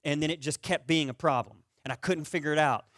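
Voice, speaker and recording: Pastor guy telling funny stories in his sermon, kinda high voice, dry sound. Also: quick pace, no room sound. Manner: animated storyteller who gets loud and high-pitched in comic stories. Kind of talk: conversational sermon.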